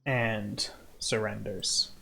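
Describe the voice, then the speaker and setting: A man running a tabletop game as game master, explaining rules in a relaxed way full of fillers, with faint music behind. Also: fairly low pitch, extremely slow, gravelly.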